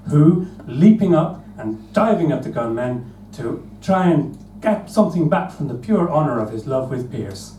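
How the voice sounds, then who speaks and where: A man's voice: a little high, normal speed, recorded from a distance, crowd noise. A man improvising a comic story on a live stage, laughing as he goes. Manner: lively, laughing at his own jokes. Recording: roomy live stage, from afar, noisy.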